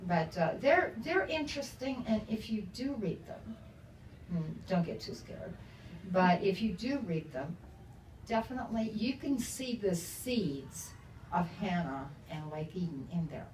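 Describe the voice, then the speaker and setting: A woman's voice: mid-range voice, animated, measured pace, darkish tone, a little hiss or hum. An older woman author telling chatty stories to an audience at a book event, laughing often. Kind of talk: casual storytelling to an audience. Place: bookstore event room. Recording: roomy, from a distance, faint ambience.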